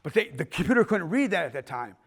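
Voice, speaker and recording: A man's voice: fairly high pitch, very animated, fast talker, a bit bright, husky. A middle-aged man giving a filmmaking workshop talk, telling stories with acted-out quotes and the odd swear. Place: arts center auditorium.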